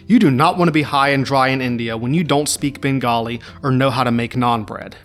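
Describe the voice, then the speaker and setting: A man's voice: mid-range voice, a little fast, soft background music. A man hosting a history podcast, narrating from a script with irreverent, wry asides.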